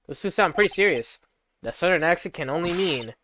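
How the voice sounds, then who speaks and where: Streamer reading game lines aloud, music behind. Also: male voice, on the high side, animated, brisk, fairly bright tone. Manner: reads game lines aloud, chatting and laughing with viewers between. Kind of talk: casual live-stream game playthrough.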